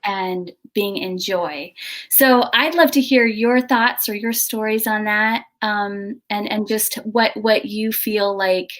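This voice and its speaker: A middle-aged woman hosting a casual video chat, telling a story in an animated way with halting restarts. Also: mid-range voice. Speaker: host.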